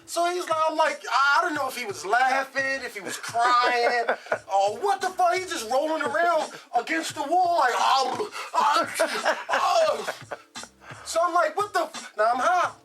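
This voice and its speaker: Animated, profane woman telling a story. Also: high-pitched, moderate pace, few pauses, over music. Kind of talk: casual true-story telling.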